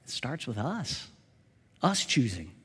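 A man's voice: medium pitch, sing-song, slow pace, a bit bright, breathy edge. A male pastor preaching a sermon, speaking directly to the congregation and often putting questions to them. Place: church sanctuary. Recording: long reverb of a church sanctuary.

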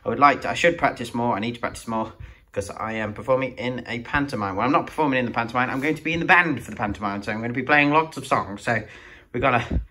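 A man's voice: medium pitch, quick pace, bright, forceful tone, slight background noise. A man chatting casually to camera in a vlog about his day, upbeat and rambling with fillers. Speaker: gaming YouTuber vlogging his day.

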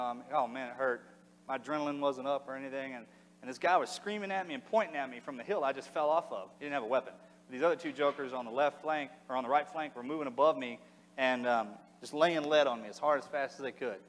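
A man giving a public speech, telling a story bluntly and casually with slang, recorded in a large hall. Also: mid-range voice. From United States. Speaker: former soldier giving a speech.

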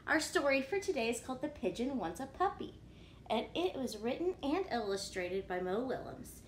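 A woman teacher reading a picture book aloud to children, animated and often asking them questions. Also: high voice, moderate pace, a little hiss or hum. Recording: echoey room.

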